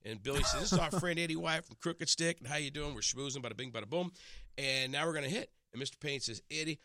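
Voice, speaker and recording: A man's voice: fairly high pitch, fast talker, dry recording. A man, an in-studio radio guest, telling stories in casual chat, with lots of restarts and acted-out quotes. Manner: animated, acts out quotes, many restarts. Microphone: studio microphone.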